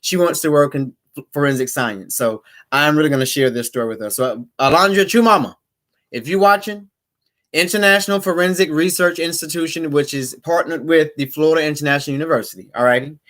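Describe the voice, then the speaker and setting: A middle-aged man hosts a live-streamed talk show, chatting with his viewers in a casual, playful way. His voice is fairly high, fairly quick and a bit bright. He speaks to the audience directly and drops in playful asides.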